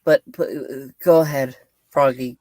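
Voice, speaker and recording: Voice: mid-range voice, fairly even intonation, a little slow, a little mellow, dry recording. A podcast co-host chiming in with brief interjections and quips during a casual chat.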